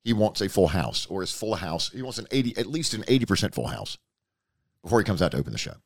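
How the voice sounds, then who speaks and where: Male podcast host, low and animated, folksy rambler, faint music behind. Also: quick pace, creaky. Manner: rambling, folksy, repeats himself. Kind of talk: casual podcast chat.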